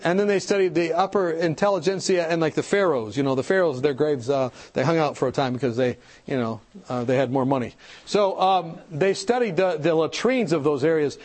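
A man giving an animated church seminar talk, telling stories, acting out the people in them and asking the audience questions. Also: fairly high pitch, brisk. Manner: animated storytelling, acts out quoted people. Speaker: health speaker.

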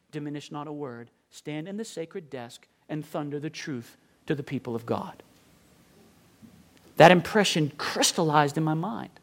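A man preaching a sermon with a rather high voice. He swings between booming declarations and quiet, hushed passages. He draws out scripture slowly for emphasis. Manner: drawn-out emphatic scripture reading; questions and asides to the congregation.

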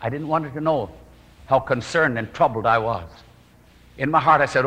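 A man's voice: mid-range voice, normal speed, pauses often, lo-fi sound. Earnest evangelist man in a reverberant hall. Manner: earnest, drops to hushed prayerful tones. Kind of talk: sermon storytelling.

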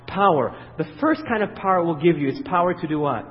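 A man preaching a sermon, asking the congregation questions and waiting for their answers, swinging from loud emphatic peaks to quiet, low passages. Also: expressive. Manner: asks the audience questions and pauses for their answers. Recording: dull, reverberant hall sound.

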